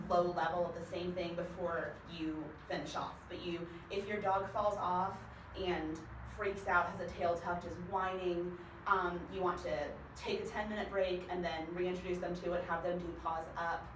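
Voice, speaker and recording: A young woman casually teaching dog training with her own dog, talking in an easy, chatty way with frequent ums. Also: lowish voice. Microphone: far camera mic. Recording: roomy, distant, noisy home video.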